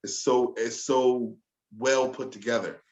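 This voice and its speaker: A man's voice: medium pitch, fairly even intonation, unhurried, darkish tone, echoey room, low-quality recording. A man co-hosting a podcast, retelling a show in casual chat and often asking "you know what I'm saying". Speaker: podcast co-host.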